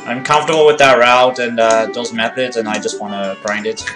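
With music playing in the background, a Canadian speedrunner streamer with a French Canadian accent chats casually while playing. His voice is medium in pitch and brisk, with fairly even intonation, and he laughs readily and stutters slightly.

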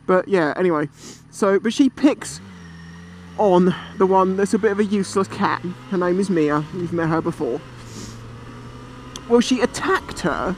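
A man's voice: high voice, measured pace. Chatty British man on a motorbike. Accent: British English. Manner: chatty, swearing, animated storytelling. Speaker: motorcycle vlogger. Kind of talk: casual storytelling while riding. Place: on a motorbike outdoors. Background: traffic and engine noise.

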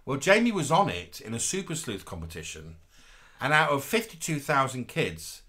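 A man co-hosting a casual live stream with a bright, forward tone. His voice rises and falls in a very animated way. He chats and tells stories in a gossipy, friendly manner. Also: medium pitch, moderate pace. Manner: chatty, gossipy storytelling. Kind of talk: casual chat.

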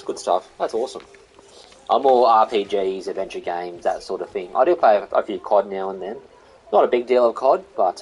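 A man's voice: deep voice, a little mellow, slightly rough, poor audio. A young Australian man chatting casually with viewers on a live game stream, greeting them by name and calling them mate and buddy.

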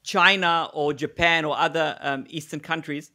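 A man co-presenting a live webinar, telling stories in an animated way and laughing often. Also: a little high, normal speed. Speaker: co-presenter, negotiation expert.

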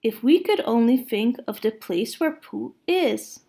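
A woman's voice: on the high side, lively intonation, measured pace, vocal fry, warm tone, slightly rough, full character voice. A woman reading the lines of a fussy, frustrated rabbit in a children's story. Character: fussy frazzled male rabbit.

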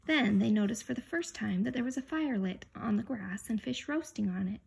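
A woman reading a children's storybook aloud in a calm, measured way, sometimes sinking into a whisper. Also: a little high, gravelly, breathy edge. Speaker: audiobook reader.

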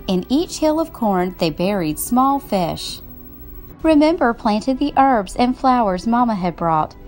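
A woman reading a children's picture book aloud, telling the story in an expressive, gently paced way. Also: on the high side, a little slow, faint music behind. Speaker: storybook reader.

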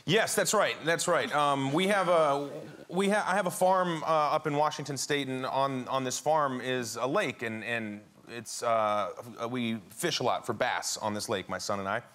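A man's voice: medium pitch, normal speed, few pauses, fairly bright tone. A man, a chat show guest, telling a family anecdote with easy laughter. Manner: laughing storyteller, easygoing.

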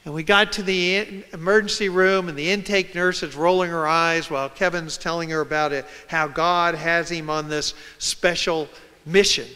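A man speaks to a hall audience in a high, bright, smooth voice. He tells a personal story and acts out the voices of the people in it. The sound carries the long reverb of a large room. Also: steady tone, moderate pace. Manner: storytelling, acting out quoted voices. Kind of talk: public talk.

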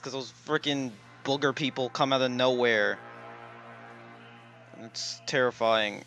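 A young man talks through a horror game, swearing freely and rambling as his thoughts spill out. His pitch sits right in the middle, and faint game music plays underneath. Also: unhurried, long pauses. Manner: profane, excitable, rambling. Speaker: gaming channel host. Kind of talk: let's play commentary.

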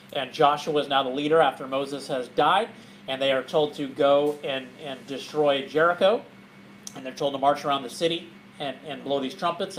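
A man, a pastor, teaching a Bible study to a group in a church, animated and often laughing as he asks questions. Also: mid-range voice, a little hiss or hum, low-quality recording.

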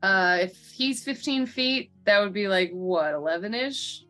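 A woman's voice: medium pitch, animated, unhurried, fairly bright tone, soft background music. A woman narrating as dungeon master, rambling and joking with many fillers. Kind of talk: narrating a tabletop game.

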